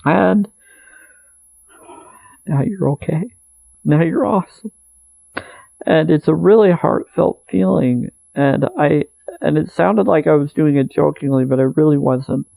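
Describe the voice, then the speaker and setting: A man speaks in an unhurried, earnest spiritual monologue, circling back to repeat his phrases. His voice is gravelly and mellow, at a middling pitch. The sound is dry and close. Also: no echo, poor audio. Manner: earnest, meandering, repeats phrases, soft laughs. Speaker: spiritual video maker.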